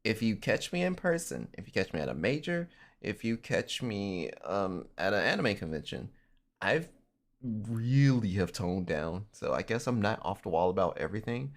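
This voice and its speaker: A man chats loosely to his stream, his pitch bouncing up and down as he goes. He swears freely and keeps breaking into laughter. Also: moderate pace. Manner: animated and swearing, laughs often. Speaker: livestreamer. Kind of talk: casual stream chat.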